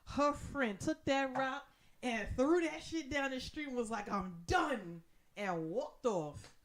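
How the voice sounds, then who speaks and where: A woman's voice: sits high, a little slow, slight background noise. A woman co-hosting a podcast in casual chat, telling stories with lots of swearing and acting out what other people said. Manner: animated storytelling, acts out voices, swears freely. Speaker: podcast co-host.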